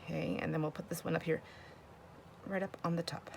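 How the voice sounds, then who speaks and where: A woman's voice: low voice, flat delivery, brisk, vocal fry, heavy background noise. A woman hosting a crafting video, chatting casually and laughing often as she works. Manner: chatty, laughs often, talks to herself while working. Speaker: crafting channel host.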